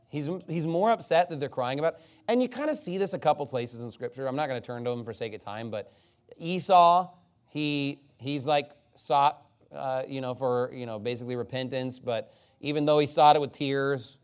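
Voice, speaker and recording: A man preaching an expository sermon, animated and mocking, reading scripture aloud and breaking into impressions. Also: on the high side.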